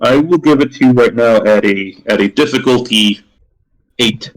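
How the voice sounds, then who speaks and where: A man running a tabletop game as game master, talking haltingly with many fillers. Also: mid-range voice, low-quality recording.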